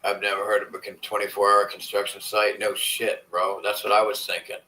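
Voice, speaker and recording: A man's voice: lowish voice, completely flat delivery, fairly quick, bright, forceful tone, low-quality recording. A man chatting casually with viewers on a live stream, rambling and swearing as he complains in frustration. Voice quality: profane, rambling. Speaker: vlogger.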